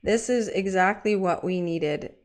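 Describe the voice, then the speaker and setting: A woman's voice: medium pitch, measured pace. A woman hosting a casual livestream, bubbly and gushing, talking straight to her chat viewers. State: getting teary-eyed. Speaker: livestream host.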